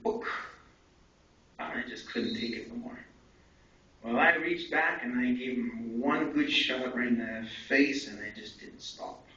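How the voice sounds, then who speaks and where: Man telling his story in an echoey hall. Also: medium pitch. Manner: candid, animated storytelling with asides to the crowd. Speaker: conference speaker. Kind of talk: personal story told to an audience. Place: conference hall. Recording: echoey hall from far off, dull and faintly noisy.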